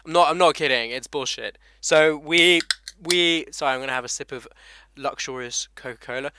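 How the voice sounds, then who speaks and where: A young Englishman hosts a casual motorcycle live stream, greeting viewers by name, laughing, and swearing freely. His English-accented voice is a little high, at a moderate pace, with background noise.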